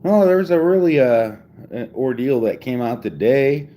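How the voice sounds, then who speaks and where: A man's voice: mid-range voice, lively intonation, moderate pace, dark tone. Guy in his 40s rambling and cussing at home, voice jumps all over, lots of ups and downs. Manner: profane, rambling, restarts often. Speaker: vlogger. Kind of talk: casual rambling chat.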